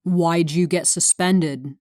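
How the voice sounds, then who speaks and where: A woman voicing a calm, probing male therapist in her audiobook memoir, with measured questions and only a light change from her own low voice. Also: no room sound, studio quality.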